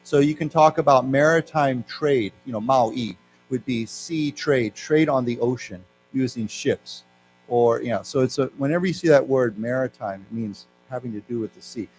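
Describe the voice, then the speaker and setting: An American man teaching English to a class, explaining words slowly, having the class repeat them, and dropping Mandarin words into his explanations. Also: mid-range voice, a little mellow, poor audio. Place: lecture room with audience. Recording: faint music and mains hum behind.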